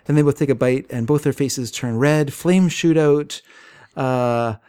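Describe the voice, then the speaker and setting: A man in casual chat, retelling a comic's plot in a relaxed storytelling way with fillers. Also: medium pitch, a little slow, clean tone. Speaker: podcast co-host.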